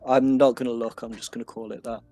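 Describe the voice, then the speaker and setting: A man runs a casual tabletop game, calmly narrating enemy moves and counting squares aloud. Faint music plays under his voice. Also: mid-range voice, fast. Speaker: game master.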